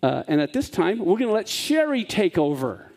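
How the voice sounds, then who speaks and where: A man with a mellow, gravelly voice teaches a Bible lesson on a Hebrew letter. He talks in a reflective way and keeps asking his listeners "okay?" as he goes. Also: sits high, very animated, moderate pace.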